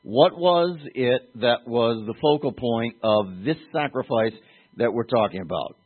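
Man, pastor, teaching sermon, mid-pitched voice, narrow tinny sound. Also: animated, unhurried. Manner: teaching, explains terms, asks congregation questions.

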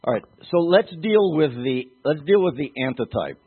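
A man's voice: fairly high pitch, sing-song, moderate pace, husky. A man preaching a teaching sermon, explaining terms and putting questions to his congregation. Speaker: pastor. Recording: tinny phone-like sound.

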